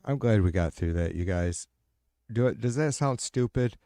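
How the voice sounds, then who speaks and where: A man's voice: fairly low pitch, animated, normal speed, mellow, a little hiss or hum. Profane, rambling middle-aged man. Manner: profane, rambling, answers chat aloud. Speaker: livestream host. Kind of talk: casual chat with viewers.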